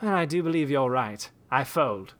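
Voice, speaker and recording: A man's voice: medium pitch, animated, measured pace. A man voicing a brash, guffawing English gunman with an English accent. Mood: sly. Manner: loud, blustering, guffawing.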